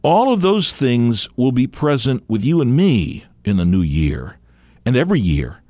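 Earnest, lively-voiced man preaching a radio sermon. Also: mid-range voice, unhurried, no room sound. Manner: earnest, emphatic, stresses key words. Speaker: radio Bible teacher.

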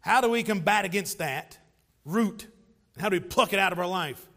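A man's voice: sits high, normal speed, sharp tone. A man preaching a sermon as pastor, emphatic, pressing his listeners with rhetorical questions and repeated phrases.

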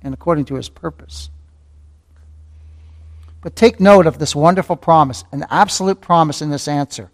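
A man's voice: on the high side, moderate pace, pauses often. A man preaching a sermon as pastor, repeating key phrases, asking rhetorical questions and calling listeners beloved. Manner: repeats key phrases, rising to fervent emphasis.

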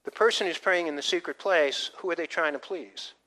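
A man's voice: fairly high pitch, fairly quick, sharp tone, rough recording. An older man, a pastor, preaching a conversational sermon with frequent restarts and asides. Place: church.

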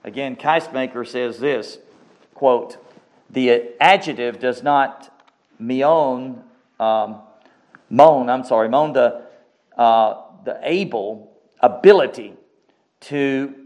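A man preaching a sermon, emphatic and repetitive, his voice climbing on key phrases before dropping back. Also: medium pitch. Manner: slow, emphatic preaching with rising outbursts and repeated phrases.

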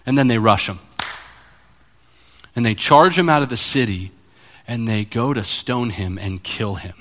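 A man preaching a sermon as pastor, animated and acting out Bible scenes. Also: medium pitch, a little slow, long pauses. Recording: long hall reverb.

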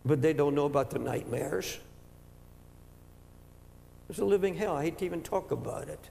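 Older male preacher, impassioned sermon style, high and gravelly, heard in a reverberant church hall. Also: expressive. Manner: impassioned, rising to shouts, halting repetitions. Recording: echoey hall with long reverb.

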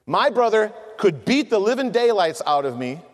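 A middle-aged preacher with a high voice for a man delivers a sermon to a room of men. He spins humorous family stories, acting out voices as he goes. A long hall reverb trails his words. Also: big pitch swings, moderate pace.

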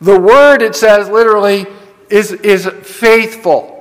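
Emphatic high-voiced male preacher in a reverberant church. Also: steady tone, slow pace, fairly bright tone. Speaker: pastor. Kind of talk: sermon. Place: church sanctuary.

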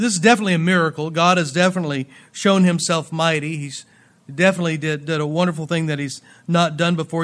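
High-voiced preaching man. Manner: reads scripture then explains it with playful asides; swings between loud emphasis and quiet drops. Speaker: pastor. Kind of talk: sermon.

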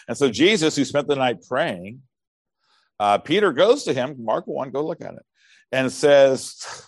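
A middle-aged man preaching a sermon, animated and humorous, acting out biblical characters as he tells their stories. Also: mid-range voice, a little slow, dry recording. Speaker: pastor.

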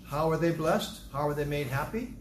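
A man preaching a Bible teaching sermon, animated and quizzing his congregation. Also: on the high side, normal speed, a little hiss or hum. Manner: animated, asks the congregation questions. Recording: echoey room, faint ambience.

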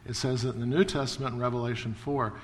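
A man's voice: medium pitch, steady tone, fast, in a large hall, a little hiss or hum. A man preaching a sermon as pastor, earnest and building emphasis through repetition. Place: church sanctuary.

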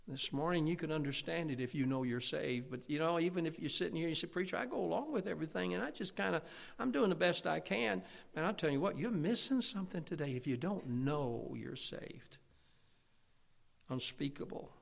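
A man preaching a sermon, swinging between loud fervent passages and quiet intimate asides. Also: mid-range voice. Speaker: pastor.

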